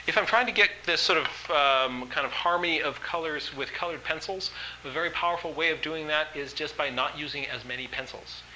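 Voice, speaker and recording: A man giving an art workshop lecture in a very bright, forceful voice, pitched a little high. He explains in an eager, chatty way, full of ums and restarts. Faint room noise sits behind him. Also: fairly quick, rough recording. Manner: enthusiastic, conversational, with frequent fillers. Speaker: art instructor.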